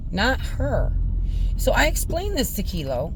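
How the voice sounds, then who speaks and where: A woman vlogging from her car between delivery runs, telling a story in an animated, venting way and swearing casually. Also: a little high, measured pace. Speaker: mom vlogger and delivery driver. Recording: loud car noise behind voice.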